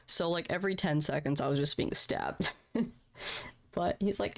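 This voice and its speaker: Candid, profane woman streamer, low voice. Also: normal speed, long pauses. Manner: candid, profane, laughs at her own troubles. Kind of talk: casual live-stream chat.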